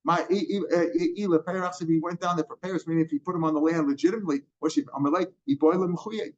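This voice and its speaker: Older man, Talmud teacher, slightly high voice, explanatory, rhetorical questions, dull lo-fi recording. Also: fairly even intonation, very fast, a little mellow. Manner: explanatory, checks in with frequent rhetorical "right?"; mixes in Hebrew and Aramaic terms. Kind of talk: line-by-line Talmud lesson.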